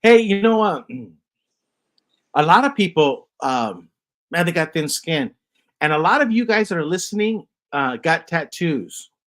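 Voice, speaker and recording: A man's voice: fairly high pitch, lively intonation, measured pace. A man hosting a casual chat podcast, rambling through stories with lots of fillers. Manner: rambling, many fillers and restarts. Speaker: podcast host.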